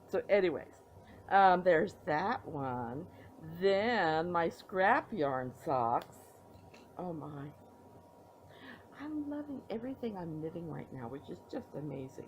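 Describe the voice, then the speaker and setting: A tired, yawning middle-aged woman hosts a knitting podcast from home, rambling casually in a show-and-tell chat with playful reveals of her projects. Her lowish voice is sing-song and slow. Recorded on a tablet, the audio has cut-off highs and a little hiss or hum.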